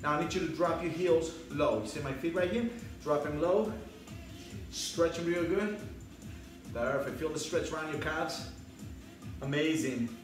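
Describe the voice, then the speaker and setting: A man's voice: fairly high pitch, measured pace, long pauses, heavy reverb, distant mic, low-quality recording. A man leading a spin class, calling out counts and cheering riders on, a little out of breath. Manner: shouted counts and pep calls over music. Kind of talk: fitness class coaching. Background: loud workout music.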